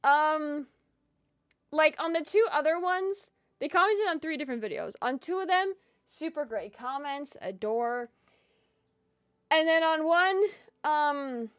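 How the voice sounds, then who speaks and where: A woman's voice: sits high, animated, a little slow, fairly bright tone, dry recording, clean studio sound. A woman streamer giving chatty, casual gaming commentary, giggling often and swearing casually.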